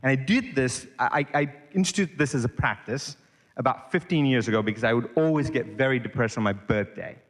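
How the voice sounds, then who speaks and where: Animated middle-aged male storyteller from Sri Lanka. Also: mid-range voice, fairly quick, long reverb tail. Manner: animated storyteller who acts out voices. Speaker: guest. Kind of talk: storytelling in a podcast interview.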